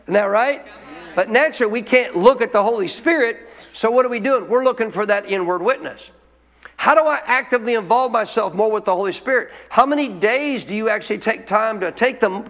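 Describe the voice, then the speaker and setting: A man's voice: sits high, brisk, a bit bright, in a large hall. A male pastor preaching a sermon in a conversational way, often asking the congregation questions.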